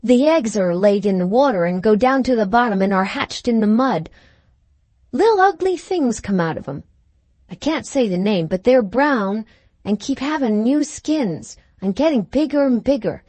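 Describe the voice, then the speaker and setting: Storybook figure: an earnest, eager little boy with plain country speech, voiced by a woman narrator. Lively and bright in tone. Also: a little high, normal speed, no echo.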